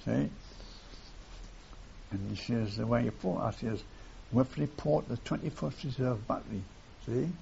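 Gravelly old man. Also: medium pitch, measured pace, mellow. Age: older. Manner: rambling, repeats phrases, tags lines with "see". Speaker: war veteran interviewee. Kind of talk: oral history reminiscence. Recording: dull lo-fi tape with faint hiss.

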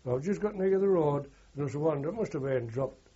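A man's voice: fairly high pitch, expressive, a little fast, mellow, husky, muffled recording. An older man, a war veteran, telling rambling anecdotal recollections in an interview. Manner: rambling anecdotal, frequent "you know" and "like". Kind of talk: oral history recollection.

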